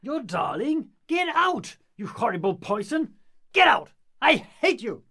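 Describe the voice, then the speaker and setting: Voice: mid-range voice, sing-song, unhurried. An actor playing Lysander, a fickle young nobleman who speaks bluntly and scornfully, in an amateur stage-play reading.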